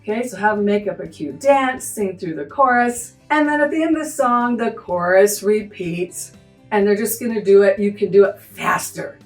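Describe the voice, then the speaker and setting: A woman's voice: mid-range voice, lively intonation, normal speed, reverberant, far from the mic. A woman music teacher walking through a lesson, acting out animal sounds as she explains. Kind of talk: teaching tutorial.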